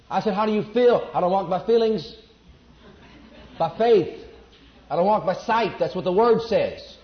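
Emphatic preacher man, fairly high voice. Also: moderate pace. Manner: emphatic, repeats declarations for the congregation. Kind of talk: sermon. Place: church before a congregation. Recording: echoey, dull lo-fi recording.

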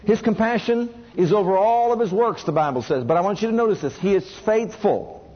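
High husky-voiced preacher. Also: male voice, a little fast, lo-fi sound. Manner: asks the congregation questions and has them repeat lines. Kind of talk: sermon.

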